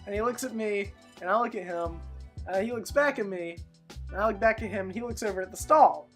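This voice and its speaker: A teenage boy co-hosting a podcast, telling a story in a lively way and acting out shouts and laughter. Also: high-pitched, a little fast, soft background music. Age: teens. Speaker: podcast co-host. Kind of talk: casual chat, storytelling.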